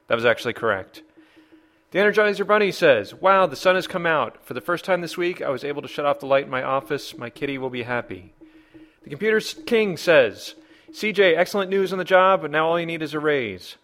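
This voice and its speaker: A man's voice: a little high, lively intonation, fairly quick, fairly bright tone. A man hosting a podcast who reads listener comments in a joking, rambling way. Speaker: podcast host. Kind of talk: casual podcast banter.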